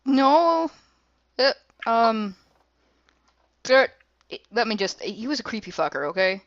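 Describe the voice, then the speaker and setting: Deadpan female player, slightly dull recording. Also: mid-range voice, measured pace. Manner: deadpan, laughs easily. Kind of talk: casual tabletop play.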